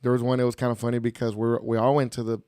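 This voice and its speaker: A young man from Texas tells animated stories as a podcast guest, laughing often and dropping Spanish words into his English. His voice is smooth and resonant. The recording is dry and close. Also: mid-range voice, very fast, dry recording. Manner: animated, laughing storyteller mixing in Spanish phrases. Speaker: podcast guest, mariachi musician. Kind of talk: casual storytelling chat.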